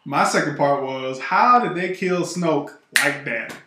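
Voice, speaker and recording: A man's voice: fairly high pitch, expressive, measured pace. Blunt, joking man in an echoey room. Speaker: podcast co-host. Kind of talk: casual chat. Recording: echoey room, distant mic, faint noise.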